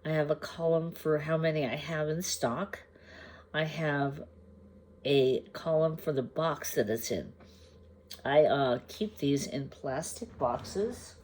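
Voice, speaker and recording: A woman crafting vlogger chatting casually to the camera. She shows her projects at an unhurried pace, pausing to gather her thoughts and sometimes asking the viewers questions. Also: deep voice, steady tone, darkish tone. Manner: unhurried, chatty, meandering with pauses. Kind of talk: casual show-and-tell chat to camera.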